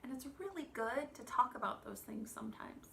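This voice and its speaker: A woman in her thirties giving a children's church lesson, gentle and expressive, asking the children questions. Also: on the high side, brisk, vocal fry, a little hiss or hum.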